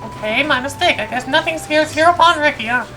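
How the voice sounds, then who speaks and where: A woman voicing an earnest, gentle young male hero, speaking softly and politely over game music. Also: sits high, brisk. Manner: soft, polite, a bit hesitant.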